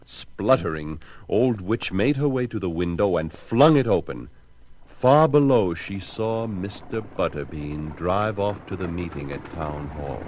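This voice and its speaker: Slow, lively male storybook narrator. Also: low-pitched, slight background noise. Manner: expressive, theatrical reading.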